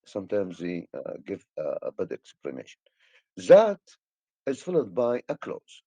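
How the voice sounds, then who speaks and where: Halting Egyptian-accented male teacher. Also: sits low, huge pitch swings, dark tone, breathy edge, no room sound. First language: Arabic. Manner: hesitant, many fillers and restarts. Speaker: English teacher. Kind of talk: grammar lesson explanation.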